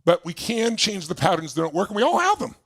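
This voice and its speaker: Older male motivational speaker with a raspy edge, lively and audience-engaging. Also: high voice, fast talker. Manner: animated, asks the audience questions, laughs often. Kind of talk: storytelling seminar talk.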